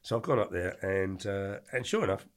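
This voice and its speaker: Deep-voiced and animated, an older man speaks a little fast while telling casual stories as a podcast guest. He tends to ramble and be blunt, frequently pausing to correct himself.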